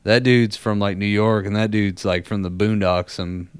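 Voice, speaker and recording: American man, podcast co-host, clean resonant tone, animated storyteller, dry recording. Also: lowish voice, normal speed, smooth, dry recording. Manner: animated storyteller, does voices. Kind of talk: casual chat.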